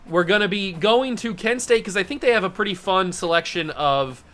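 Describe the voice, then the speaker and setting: Bright-voiced man chatting over gameplay. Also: high-pitched, lively intonation, moderate pace. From Ohio, USA. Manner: chatty, thinks aloud, self-amused. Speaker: gaming channel host. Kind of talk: casual gameplay commentary.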